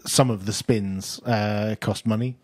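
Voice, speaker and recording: A man's voice: lowish voice, measured pace, dry recording. A British man co-hosting a podcast, chatting casually with fillers and frequent laughs. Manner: relaxed, laughs often, trails off with fillers. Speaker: podcast co-host. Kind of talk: casual panel chat.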